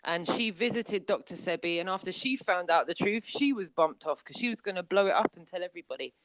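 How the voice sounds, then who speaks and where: A woman in a casual panel discussion, animated, asking the group questions and repeating her points. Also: fairly low pitch, brisk, no room sound, poor audio.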